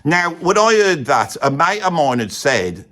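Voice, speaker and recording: A man's voice: fairly high pitch, big pitch swings, unhurried, a bit bright. A man with a Birmingham accent voicing a rambling, blokey older heavy metal fan in a comedy monologue, who keeps losing his thread. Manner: rambling, loses his thread, says bloody a lot. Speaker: comic pundit character.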